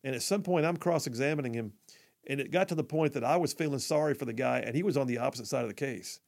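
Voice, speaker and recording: A man's voice: mid-range voice, quick pace, creaky, darkish tone. A middle-aged man hosting live talk radio, rambling with many fillers and restarts.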